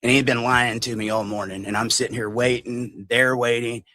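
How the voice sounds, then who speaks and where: A man telling a long story on a livestream, animated and mimicking the people in it. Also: medium pitch, normal speed, no echo, studio quality. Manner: animated retelling, mimics others' voices.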